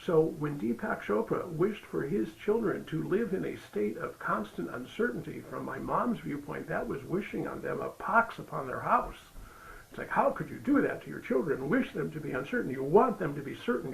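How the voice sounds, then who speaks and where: A man's voice: fairly high pitch, expressive, moderate pace, gravelly, low-quality recording. A man giving a Sunday sermon, telling a story in a loose, conversational way with fillers. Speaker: spiritual practitioner giving the Sunday talk.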